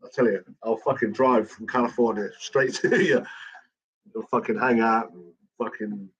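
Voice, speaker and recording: A middle-aged man, chatting casually, swearing constantly and talking in a raw, halting way. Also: fairly low pitch, steady tone, breathy edge, highs cut off. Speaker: channel host. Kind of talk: casual chat.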